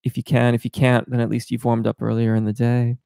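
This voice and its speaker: Male voice coach for live Q&A: gravelly, dry close sound, explanatory, technical, lots of ums. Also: mid-range voice, monotone, fairly quick, warm tone, no echo. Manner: explanatory, technical, many filler words. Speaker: voice teacher. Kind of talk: live-stream Q&A, reading chat questions aloud.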